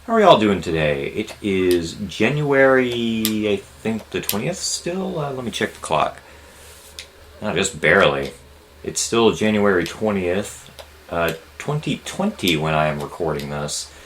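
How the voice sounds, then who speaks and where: Young male let's-player, low deep voice, rambling casual commentary with sudden loud reactions. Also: a little hiss or hum. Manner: rambling, jokey, loud outbursts at the game. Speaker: let's play host.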